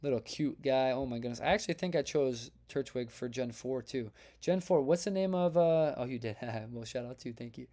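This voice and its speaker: Upbeat, warm-toned streamer guy. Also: medium pitch, a little fast, hardly any pauses. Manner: energetic, chatty, reads chat aloud and hypes votes. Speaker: livestream host. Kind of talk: casual live-stream chat.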